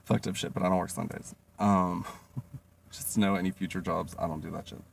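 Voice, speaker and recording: A young man with a deep, gravelly voice tells funny stories in a loose, rambling way, full of fillers and swearing. He sits back from the mic, and a faint hiss runs underneath. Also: flat delivery, brisk. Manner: rambling, lots of "like" and "um", swearing, laughing. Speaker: vlogger. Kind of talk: casual comedic storytelling. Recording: distant mic, faint noise.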